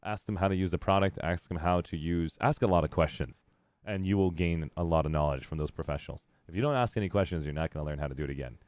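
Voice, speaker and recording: A man's voice: low-pitched, fast, a little mellow, no room sound. A man hosting a live gaming stream, chatting casually and rambling with jokes. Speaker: streamer host.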